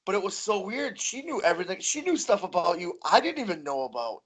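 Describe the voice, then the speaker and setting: High-voiced wrestler swapping stories. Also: male voice, very animated, quick pace, a bit bright, slightly rough. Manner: laughs through his stories. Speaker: guest, professional wrestler. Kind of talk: casual podcast storytelling.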